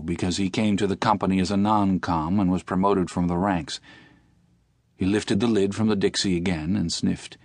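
A man narrating an audiobook in a measured, steady reading. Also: low voice, dry recording, clean studio sound.

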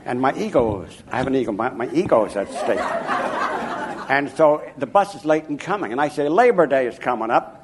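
Animated older man telling stories. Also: mid-range voice, fairly quick, noisy background. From Chicago. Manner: animated, emphatic, chuckling raconteur. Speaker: interviewee, author. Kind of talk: anecdotal storytelling.

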